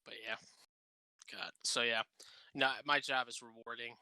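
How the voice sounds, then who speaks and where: A man with a very bright, tense voice trades crude jokes on a casual podcast. He acts out the people in his stories and swears freely. The sound is close and dry, with no room in it. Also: mid-range voice, steady tone, measured pace, clean tone, no room sound. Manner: profane, joking storyteller who acts out quotes. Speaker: podcast co-host. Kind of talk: casual chat.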